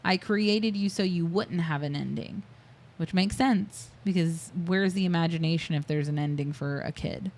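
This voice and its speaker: A woman with a slightly low voice retells a film on a casual podcast. She piles up scene details, drops into quoted lines, and laughs easily between them. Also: normal speed, a little mellow. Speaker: podcast co-host. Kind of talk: casual movie recap chat.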